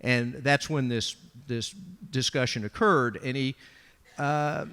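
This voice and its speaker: A man on a discussion panel telling an anecdote, animated and quick to act out each quote. His mid-pitched voice rings with a long reverb tail from a large hall. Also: clean tone. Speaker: panelist, art dealer. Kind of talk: storytelling anecdote.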